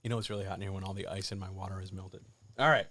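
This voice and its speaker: A man hosting a live writers' Q&A stream, giving blunt, animated advice in a casual, jokey way. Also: deep voice, very fast.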